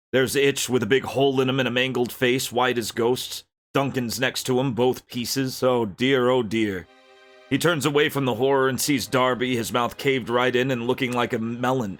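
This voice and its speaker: A man reading a dark, violent fantasy story aloud in an unhurried, gritty narration. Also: mid-range voice.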